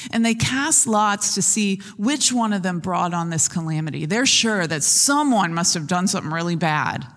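A woman pastor giving a sermon, retelling scripture in a lively storytelling manner. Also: medium pitch, in a large hall. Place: church sanctuary.

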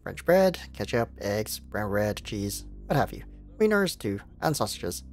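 A man's voice: fairly low pitch, very animated, measured pace, faint music behind. Man putting on a spaced-out rambling camp cook. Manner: drawling, evasive, keeps urging to sit and smoke.

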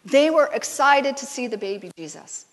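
Woman preacher, high-pitched and highly animated, banters with her congregation; recorded with long church hall reverb. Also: moderate pace. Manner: lively storytelling, banters with the congregation. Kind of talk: conversational sermon. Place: church sanctuary.

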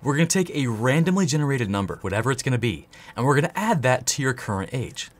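A man runs a casual coding lesson, swinging his pitch up and down as he jokes with the viewer. Typing clicks now and then behind him. A faint hiss sits under the voice. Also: sing-song, fast talker. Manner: playful, jokey, talks straight to the viewer. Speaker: tech course host. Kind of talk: energetic screen-share tutorial.

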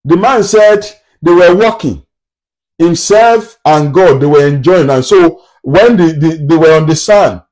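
A man's voice: a little high, lively intonation, a little slow, a little mellow. A man preaching a sermon, emphatic and fond of repeated rhetorical questions.

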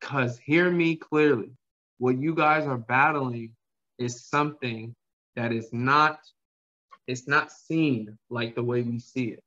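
A man's voice: medium pitch, slow pace, bright, forceful tone. A man preaching a sermon with passion, repeating phrases and asking his congregation to answer back. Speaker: pastor. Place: church. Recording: dull lo-fi sound.

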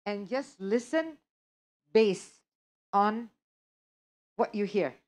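Woman instructor, unhurried delivery, live Q&A, keeps checking in with the asker. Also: medium pitch, lively intonation, a little mellow. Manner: checks understanding often, repeats words. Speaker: test preparation instructor. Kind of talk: live workshop Q&A.

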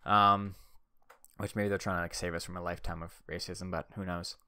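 Rambling young man with a bright, crisp voice. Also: low voice, level tone, fairly quick, no echo. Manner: rambling, heavy use of "like" fillers. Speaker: podcast host. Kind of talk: casual storytelling.

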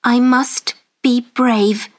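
A woman voicing a poor, brave young girl in a storybook, speaking quietly and earnestly. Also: on the high side, steady tone, extremely slow.

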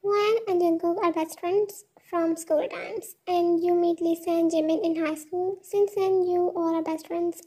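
A woman's voice: very high-pitched, dark tone, low-quality recording. A woman reading a fan fiction story aloud, speaking the speaker tags and stage cues along with the text.

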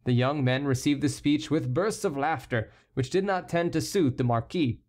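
A man giving measured, steady scripted narration of a classic novel as an audiobook narrator. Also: on the high side.

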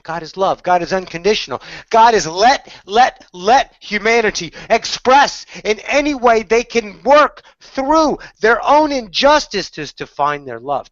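This is a woman of medium pitch channeling spiritual teachings on a webinar call, with no echo in the sound. She preaches, leans on rhetorical questions, and keeps calling the listener "darling," all in slightly dull webinar audio.

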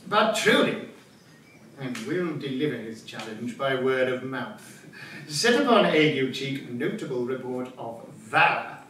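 An actor playing a rowdy, boozy, scheming older knight in a live stage play, with boisterous laughing delivery. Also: male voice, fairly high pitch, a bit bright, slight background noise, exaggerated voice. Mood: gleeful. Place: large old timber barn. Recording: echoey barn, voice from far off.

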